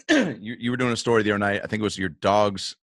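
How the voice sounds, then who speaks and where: A man's voice: on the low side, a little fast, a bit bright, no room sound, clean studio sound. A man hosting a podcast in casual chat, with loose, playful banter and quoted asides. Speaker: podcast host.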